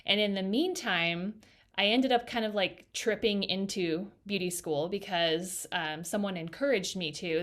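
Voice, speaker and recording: A woman hairstylist chats on a podcast over a video call. She is a lively storyteller, pitched in a middle range, and she slips into the voices of the people she quotes. Her delivery is loose and conversational. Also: unhurried.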